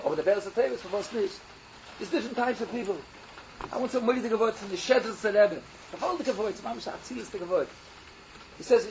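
A man's voice: high-pitched, fast talker, slight background noise. A man telling stories as a Torah lesson, acting out the people he quotes and laughing as he goes. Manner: lively, acts out quoted speakers, laughs while telling. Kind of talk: animated storytelling lesson. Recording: dull lo-fi recording.

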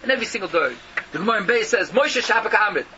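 A man's voice: sits high, lively intonation, racing. A man giving an emphatic yeshiva-style Torah lecture, firing rhetorical questions and mixing in Yiddish and Hebrew terms. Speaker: rabbi giving a Torah talk. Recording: muffled lo-fi recording with noticeable background noise.

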